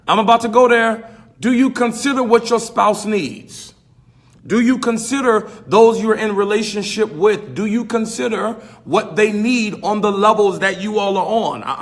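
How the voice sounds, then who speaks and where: A man's voice: high-pitched, a bit bright. A man, a pastor hosting his own podcast, talking in an emphatic, repetitive, folksy preaching style.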